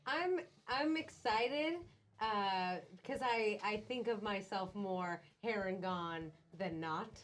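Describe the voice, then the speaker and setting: A woman playing a tabletop game, chatty and excited. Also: mid-range voice, takes it slowly. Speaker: player. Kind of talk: casual chat.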